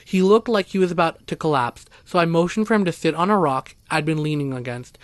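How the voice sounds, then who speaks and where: Male narrator, higher than average pitch, steady read, dry close mic. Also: fairly quick, few pauses, no room sound. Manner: steady, even storytelling, voicing quoted speakers. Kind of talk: first-person story narration.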